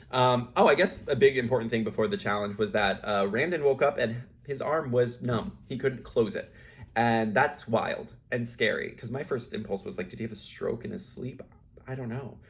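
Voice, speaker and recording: Young male host, mid-pitch, casual chatty recap delivery with frequent fillers.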